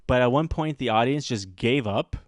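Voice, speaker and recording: The recording is studio quality with no echo: a man at a medium pitch and normal speed recounts a story on his podcast. He keeps it chatty and lively, doing voices for everyone in the tale.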